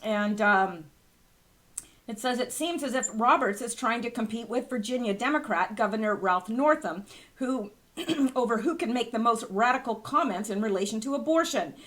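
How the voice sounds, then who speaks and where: A woman's voice: a little high, lively intonation, moderate pace, a bit bright. A woman hosting an online commentary show, reading news aloud with scornful, incredulous remarks. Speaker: channel host.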